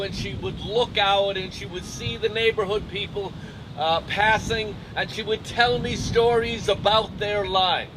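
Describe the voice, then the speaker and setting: Slow-spoken older Irish storyteller. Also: male voice, sits high, pushed and bright, slight background noise, rough recording. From Ireland. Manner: measured, wry, deliberate pacing. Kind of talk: live personal storytelling.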